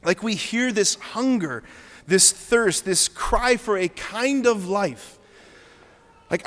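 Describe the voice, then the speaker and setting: A Catholic priest giving a homily in an earnest, conversational way, often saying "like" as he talks to the congregation. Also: high-pitched. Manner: conversational, earnest preaching with frequent "like". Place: large church. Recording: long church reverb.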